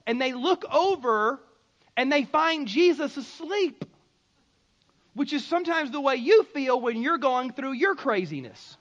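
A man with a very high voice preaches a sermon. He talks to the congregation like a friend and then breaks into loud, emphatic bursts. The recording sounds a little muffled and lo-fi. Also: sing-song, unhurried, pauses often. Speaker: pastor.

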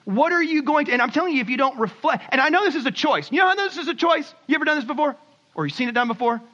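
Guy preaching a sermon, high bright voice, chatty and animated, kinda muffled lo-fi sound. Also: racing. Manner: animated, conversational preaching with acted asides. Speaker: pastor.

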